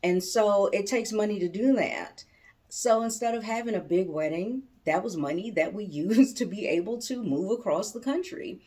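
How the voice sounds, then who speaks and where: A woman's voice: medium pitch, normal speed, warm tone. A middle-aged woman from Maryland, chatting casually to her viewers as a vlogger and business coach, laughing often and tossing in folksy asides. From Maryland, suburbs of Washington DC. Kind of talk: casual talk to camera.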